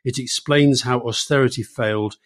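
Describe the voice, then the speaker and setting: Brisk, direct middle-aged man. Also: medium pitch, fairly even intonation. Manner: brisk and direct, with dry teasing. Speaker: podcast co-host. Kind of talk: political podcast chat.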